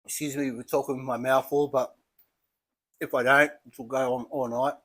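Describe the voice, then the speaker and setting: A man's voice: medium pitch, normal speed, husky. Chatty Australian man tasting beer. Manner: relaxed, chatty, thinking aloud while eating and sipping. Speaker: beer reviewer. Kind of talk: casual tasting vlog.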